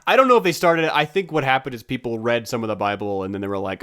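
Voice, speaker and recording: A man's voice: mid-range voice, lively intonation, fast, fairly bright tone, smooth. A man running a tabletop game as game master, narrating scenes in a laid-back, chuckling way.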